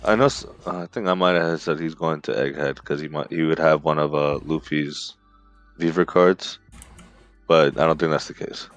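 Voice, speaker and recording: A man's voice: a bass voice, moderate pace, no echo, soft background music. A man co-hosting a podcast in casual chat, talking over the others and restarting his sentences. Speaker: podcast co-host.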